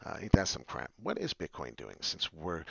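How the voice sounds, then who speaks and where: A man hosting a crypto show, excitable and rambling, jumping from loud hype to low mutters with many fillers. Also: normal speed, vocal fry, husky, no room sound, muffled recording. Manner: hyped and loud, swings between shouting and muttering. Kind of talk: excited solo crypto talk.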